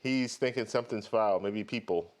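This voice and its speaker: A man with a lowish voice, speaking at normal speed, hosts a live stream for his travel credit card channel. He talks casually about travel rewards and chattily greets viewers by name, one at a time.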